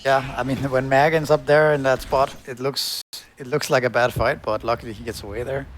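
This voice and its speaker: A man giving measured, analytical color commentary on an esports match. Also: mid-range voice, level tone, fairly bright tone, slight background noise. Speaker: esports co-caster.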